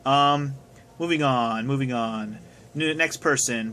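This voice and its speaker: A man's voice: mid-range voice, slow pace, pushed and bright, a little hiss or hum. A young man casually answering viewer questions on his video, rambling and swearing now and then. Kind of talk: casual chat. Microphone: phone camera.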